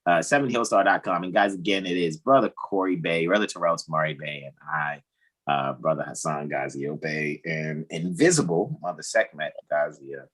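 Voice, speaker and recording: A man's voice: sits low, moderate pace, fairly bright tone. A man hosting a casual group video call, joking around, laughing often and drifting into rambling asides. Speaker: host.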